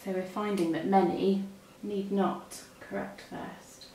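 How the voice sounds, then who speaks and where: A woman's voice: mid-range voice, steady tone, slow pace, mellow, a little hiss or hum. A woman with a British accent, a makeup artist chatting through each step as she works. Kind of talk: makeup demonstration. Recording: echoey room, mic a bit far.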